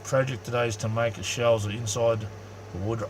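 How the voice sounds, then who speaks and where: Australian man, medium pitch, blunt, rambling live-stream chat, slight background noise. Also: fairly even intonation, normal speed. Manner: blunt, rambling, lots of ums.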